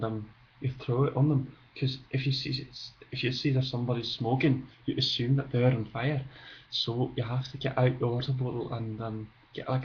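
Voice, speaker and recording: A man voicing a deadpan male Scot who tells absurd tall tales in an attempted Scottish accent, matter-of-fact throughout. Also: mid-range voice, dull audio, natural voice.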